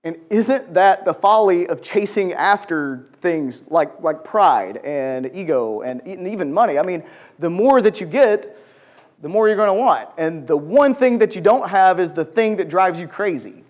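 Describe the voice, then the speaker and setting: A man with a high voice teaches a conversational Bible lesson at a moderate pace to a group in a large church room. He is animated, asking the audience questions and acting out quotes.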